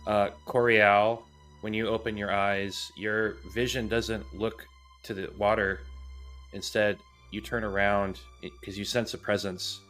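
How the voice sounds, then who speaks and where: A man narrating a tabletop role-playing game as game master, calm and descriptive, with frequent "uh". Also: fairly low pitch, unhurried, soft background music.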